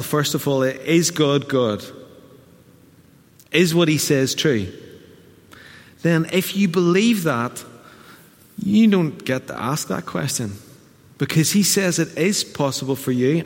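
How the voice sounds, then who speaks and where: A man preaching a conversational sermon, often slipping into quick quoted asides. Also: on the high side, in a large hall. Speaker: pastor.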